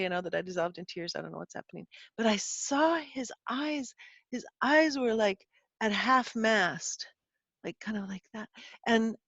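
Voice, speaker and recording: A woman as a guest expert in an interview, explaining and telling a personal story in an earnest, animated way. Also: medium pitch, dry recording, dull audio.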